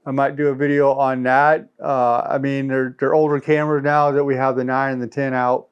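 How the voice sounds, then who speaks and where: A man's voice: medium pitch, level tone, fairly quick, smooth, lo-fi sound. A man vlogging from inside a car in easygoing, rambling casual chat, with frequent fillers. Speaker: tech vlogger.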